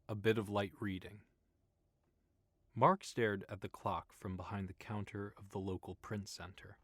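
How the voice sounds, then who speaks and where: A man narrates an audiobook, telling the story in a steady, even way. His voice is on the low side, with no room sound.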